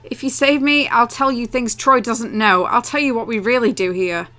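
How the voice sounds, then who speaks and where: Secretive company man, woman reading, calm, soft, knowing, bright tone. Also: a little high, normal speed, faint music behind. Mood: pleading.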